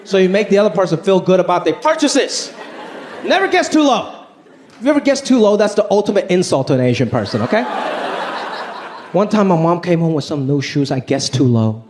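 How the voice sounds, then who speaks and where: A man's voice: high voice, sing-song, brisk, a little mellow, slight background noise. A man doing a stand-up comedy set, wry and punchy. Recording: live stage with crowd laughter.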